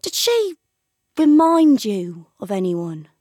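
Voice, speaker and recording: Woman reader voicing a nosy gossiping woman, high voice, swooping lively delivery, insinuating questions. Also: slow pace, no room sound, studio quality, exaggerated voice. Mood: prying. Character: curious, knowing woman pressing for gossip.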